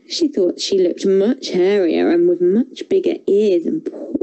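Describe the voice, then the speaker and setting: A woman telling a fairy tale for children in a theatre workshop, expressive and playful. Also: on the low side, unhurried, few pauses, muffled recording. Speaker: storyteller, theatre workshop leader. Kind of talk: animated storytelling for children.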